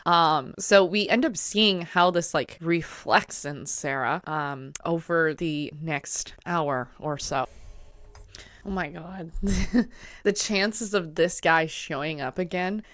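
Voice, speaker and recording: A woman giving casual, chatty film commentary, laughing often and pausing with fillers. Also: low-pitched, fairly bright tone. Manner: chatty, laughs often, acts out quoted lines; frequent fillers and hesitations.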